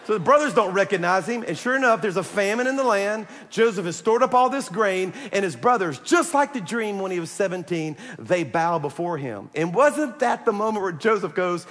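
A man preaching a sermon, animated and joking, pressing his points hard and calling out to the congregation. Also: high voice, in a large hall. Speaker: pastor.

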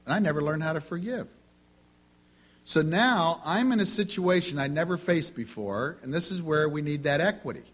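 A middle-aged male preacher with a husky, breathy edge to his voice. He tells homespun family anecdotes in the middle of a sermon. He slips into the dialogue of the people in each story as he goes. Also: a little high, animated, normal speed.

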